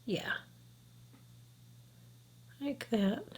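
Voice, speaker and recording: A woman's voice: fairly high pitch, expressive, drawn-out words, warm tone, slightly rough. A woman in her fifties talking casually through a makeup tutorial, frank and chatty, checking in with the viewer with a constant "okay?" as she works at her mirror. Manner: talks while applying makeup, sometimes drops to a whisper. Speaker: beauty vlogger.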